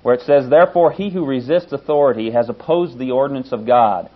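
Male Bible teacher, mid-pitched, earnest and emphatic, preaching on a dull lo-fi recording. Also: brisk. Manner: earnest, emphatic, rises in pitch to stress points. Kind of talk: sermon-style Bible teaching.

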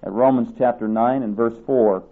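A man's voice: medium pitch, fairly even intonation, normal speed. A man preaching a sermon, reading scripture aloud and driving his points home with emphatic repetition. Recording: tinny phone-like sermon tape.

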